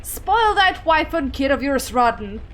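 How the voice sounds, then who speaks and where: A woman puts on a doting great-aunt reading her own message aloud in a game, high-voiced and gushing. She sounds sentimental and fond throughout. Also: very animated, measured pace. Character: doting older great-aunt, globe-trotting and emotional.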